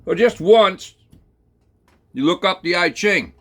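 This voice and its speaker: A man telling a rambling, folksy second-person story, talking slowly through it with plenty of hesitations and fillers. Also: high-pitched, animated, a bit bright. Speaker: channel host.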